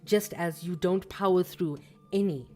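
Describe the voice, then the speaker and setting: Low-voiced woman musing on a livestream. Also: measured pace, mellow, faint music behind. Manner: thoughtful, with fillers and self-corrections. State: scratchy throat. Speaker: livestream host reading a book aloud. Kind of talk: casual livestream book commentary.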